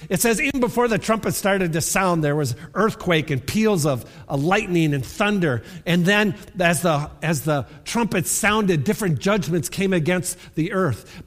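A man preaching a sermon, reading scripture and explaining it, with bursts of shouted repeated words. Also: high voice, expressive, unhurried, few pauses, big-room sound. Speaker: pastor.

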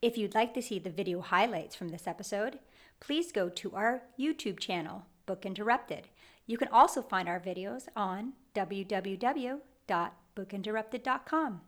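A woman's voice: mid-range voice, moderate pace. A woman co-hosting a book podcast, chatting upbeat and reading the show sign-off. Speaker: podcast co-host. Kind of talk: casual chat and show sign-off.

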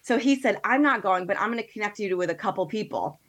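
A woman, a podcast guest, chatting casually and telling a story with quick asides and quoted thoughts. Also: medium pitch, animated, a bit bright. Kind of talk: casual chat.

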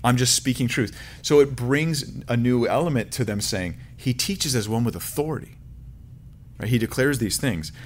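A man teaching the Bible verse by verse in a lively, conversational way, with frequent fillers and restarts. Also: mid-range voice, moderate pace.

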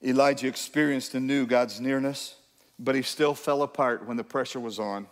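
A man preaching a sermon to a congregation, swinging from hushed, quiet lines to loud emphatic ones and calling out to the crowd. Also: mid-range voice, steady tone, normal speed. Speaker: pastor. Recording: long hall reverb.

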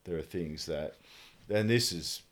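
A man in casual conversation, reflecting slowly and building on ideas step by step. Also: deep voice.

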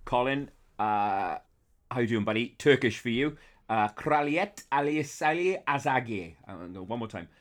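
A podcast co-host chats playfully, swearing casually and hamming up foreign phrases. His voice is on the low side, and his pace is moderate.

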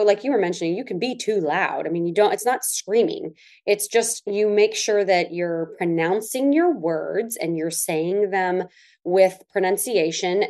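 Middle-aged woman, lowish voice, earnest co-host explaining tips conversationally. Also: a little mellow. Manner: earnest, explanatory, slows to stress key words. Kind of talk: casual advice chat.

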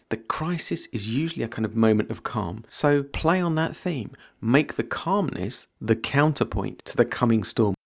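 A man teaching creative writing in a podcast lesson, measured and explanatory, reading passages aloud. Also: lowish voice, vocal fry.

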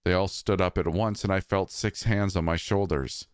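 A man reading a scripted horror story in a measured, somber way. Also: sits low, fairly even intonation, smooth, no room sound, studio quality.

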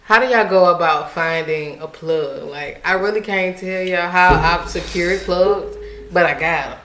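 A man's voice: sits high, unhurried, pushed and bright. A young man co-hosting a podcast, talking in a laid-back, slangy way. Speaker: podcast co-host. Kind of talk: casual chat. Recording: echoey room, faint noise.

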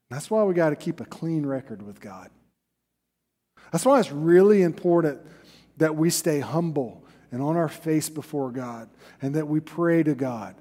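High-voiced preacher in a reverberant hall. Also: male voice, dark tone. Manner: earnest, emphatic preaching with repeated phrases. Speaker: pastor. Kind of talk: sermon.

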